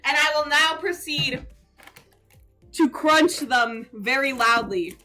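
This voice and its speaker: High, bright playful woman streamer. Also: lively intonation, slow pace, soft background music. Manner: playful, mock-indignant teasing. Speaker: live streamer. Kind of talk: casual live-stream chat.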